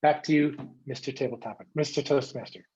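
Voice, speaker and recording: A man's voice: mid-range voice, fairly even intonation, brisk, darkish tone, highs cut off, slight background noise. A man coaching English pronunciation on a video call, drilling words by repetition and encouraging his students. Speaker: English coach giving a speech. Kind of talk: online English pronunciation lesson.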